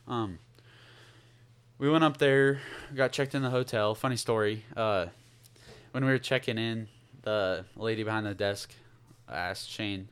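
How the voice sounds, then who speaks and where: A man's voice: on the low side, unhurried, pauses often, a bit bright, smooth. A young man co-hosting a casual podcast, telling a story in a rambling way and losing his thread. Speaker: podcast co-host.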